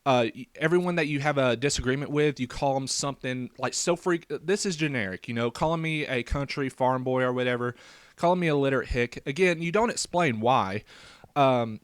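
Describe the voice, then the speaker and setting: Heard in a dry recording, a young man with a faint rural Southern American accent speaks fairly quickly in a smooth, mid-range voice. As a YouTube vlogger making a rambling response video, he is hesitant, with lots of fillers and restarts.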